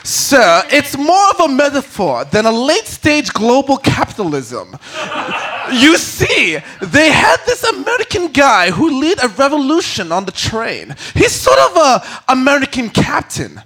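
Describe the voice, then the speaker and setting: A fussy servant to a lord, played by a man, talks in a very high, breathy voice that swoops wildly. Each line comes out theatrical and overwrought. The voice has a bright, sharp edge. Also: huge pitch swings, a little slow, full character voice. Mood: dramatic.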